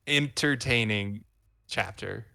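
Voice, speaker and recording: A man with a lowish, bright, forward voice explains a book's plot to his co-hosts. He restarts his sentences often as he works out his point. The sound is dry and close. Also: takes it slowly, vocal fry, no room sound. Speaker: podcast co-host. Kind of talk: casual book club chat.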